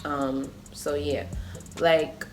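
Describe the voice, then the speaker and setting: A young woman telling a storytime vlog, chatty and full of fillers, jumping up high when she acts out what people said. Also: flat delivery, drawn-out words, over music. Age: young adult. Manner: acts out quoted voices with sudden high pitch. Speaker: vlogger. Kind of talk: casual storytime.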